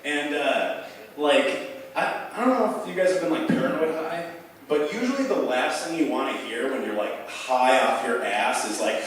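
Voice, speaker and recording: A man's voice: on the high side, expressive, measured pace, fairly bright tone. A young man telling a rambling, profane stand-up story at a bar open mic, packed with fillers. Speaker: stand-up comic. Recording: echoey bar room heard from far off.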